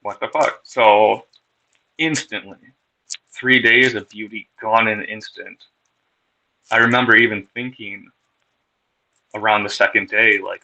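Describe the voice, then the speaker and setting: Male storyteller, slow-talking and candid, a bit low-pitched, cursing freely. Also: steady tone, sharp tone, rough recording. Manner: candid, profane, wry storytelling. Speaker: podcast guest sharing his recovery story. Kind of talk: casual personal storytelling.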